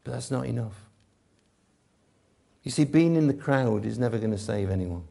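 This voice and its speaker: Male pastor, gravelly voice, mid pitch, emphatic sermon. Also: animated, normal speed. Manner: emphatic preaching, swings between loud and hushed. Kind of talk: Easter sermon.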